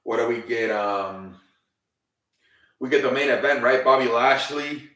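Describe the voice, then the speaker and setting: A man's voice: mid-range voice, fairly even intonation, unhurried, bright, forceful tone. A man casually recapping a wrestling show on his own, rambling, with lots of ums and casual swearing. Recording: echoey room, distant mic.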